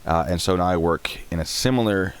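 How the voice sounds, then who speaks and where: A man's voice: deep voice, brisk, clean tone. A man in his thirties hosting a live stream, chatting casually and rambling while answering chat questions.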